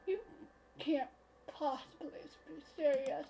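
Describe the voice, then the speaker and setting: A woman's voice: high-pitched, takes it slowly, vocal fry, dark tone, slight background noise, full character voice, low-quality recording. A woman playing a flustered young woman. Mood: shocked. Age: 20s. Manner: flustered and exasperated. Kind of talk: reading a visual novel aloud on a live stream.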